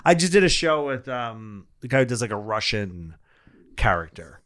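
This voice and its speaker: A man's voice: medium pitch, very animated, normal speed, a bit bright. Rambling self-deprecating man chatting. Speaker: podcast co-host. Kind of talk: casual chat. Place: podcast studio.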